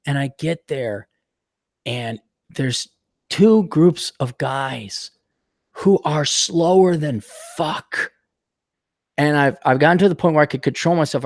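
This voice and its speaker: A man hosting a casual podcast chat, ranting with lots of swearing and animated storytelling. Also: on the high side, measured pace, dry recording, clean studio sound. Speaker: podcast host.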